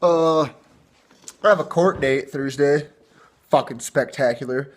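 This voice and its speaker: A young man from Michigan telling a long story to camera in a casual, rambling, profane way. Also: unhurried. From Michigan, USA. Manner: profane, rambling, acts out the cops in a higher pitch. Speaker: vlogger.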